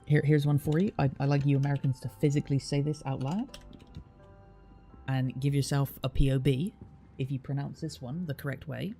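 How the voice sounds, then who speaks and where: A man's voice: medium pitch, steady tone, brisk, dark tone, faint music behind. A man with an English accent chatting casually with live-stream viewers in a blunt, teasing way.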